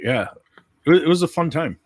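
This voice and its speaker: A man's voice: fairly high pitch, animated, moderate pace, dry recording. A man co-hosting a comics livestream, chatting casually, rambling and enthusiastic with many restarts. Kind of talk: casual chat. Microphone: livestream setup.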